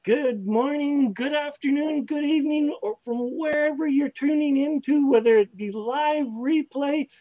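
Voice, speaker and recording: A man from Canada hosting a live online talk show, upbeat and joking, excitable as he welcomes his co-host and guest. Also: extremely high pitch, measured pace, few pauses, no room sound, dull audio.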